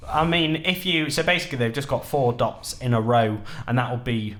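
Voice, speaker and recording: A man co-hosting a podcast about teaching music, talking in an animated, playful way. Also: medium pitch, brisk. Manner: animated, playful, lively delivery. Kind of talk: casual chat.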